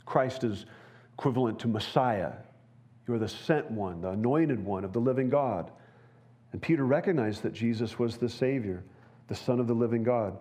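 A man's voice: mid-range voice, moderate pace, dark tone. A man preaching a sermon in church, earnest and conversational, often asking rhetorical questions. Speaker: pastor.

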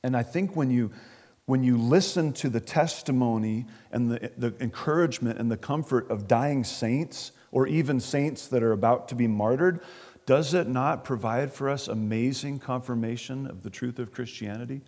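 A man's voice: medium pitch, normal speed, a little mellow. A man preaching an expository sermon, earnest, often repeating words as he stresses a point. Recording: long reverb of a large hall.

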